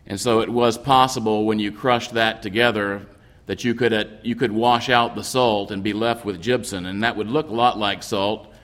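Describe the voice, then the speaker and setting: Priest, male, measured explanatory sermon, lowish voice, echoing hall. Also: fairly bright tone. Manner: measured, explanatory preaching with occasional restarts. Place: church.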